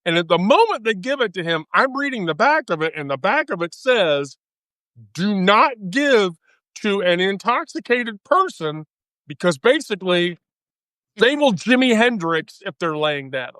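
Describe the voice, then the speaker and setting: A woman hosting a live stream, telling a story in casual chat, animated and profane, laughing often. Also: mid-range voice, moderate pace, no room sound.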